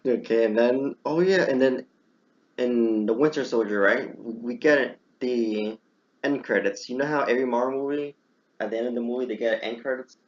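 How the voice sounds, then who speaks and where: A young man hosting a casual chat, telling stories with lively bursts as he acts out his own reactions. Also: medium pitch, normal speed. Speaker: podcast host. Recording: muffled lo-fi recording.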